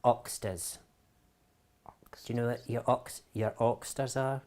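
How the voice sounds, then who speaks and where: A Scottish man who is a guest on a casual craft live stream, talking haltingly with lots of ums and restarts. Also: mid-range voice, little pitch movement, a little mellow. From Scotland.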